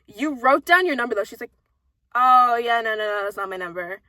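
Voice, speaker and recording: A woman's voice: fairly high pitch, fairly quick, no room sound. A young woman telling workplace stories in casual chat, swearing often and acting out the people she quotes. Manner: animated, swears a lot, acts out quoted people. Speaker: co-host telling work stories.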